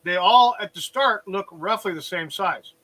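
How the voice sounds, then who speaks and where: A man's voice: high-pitched, normal speed, a bit bright, low-quality recording. A man chatting casually on a livestream, rambling and explaining through analogies.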